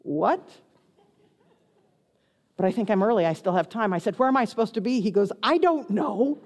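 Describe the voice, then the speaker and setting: A woman's voice: mid-range voice, brisk. Woman pastor telling a story in a reverberant hall. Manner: animated, self-mocking storyteller. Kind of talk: storytelling sermon. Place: church sanctuary.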